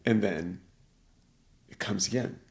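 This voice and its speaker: A man's voice: fairly low pitch, slow, gravelly, slight background noise. A middle-aged man in casual conversation, telling a rambling story and acting out the voices of the people in it.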